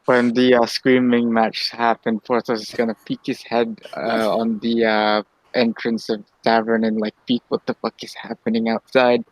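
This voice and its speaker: A man playing in a tabletop game, speaking in a flat, laid-back way. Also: mid-range voice, moderate pace, dry recording, rough recording. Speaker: player. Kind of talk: casual tabletop play.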